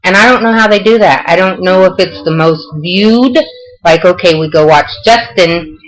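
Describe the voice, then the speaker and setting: The recording is rough, and the speaker's voice is fairly low and moderately paced. She's an older Southern US vlogger chatting at home and answering questions in a folksy, self-deprecating manner.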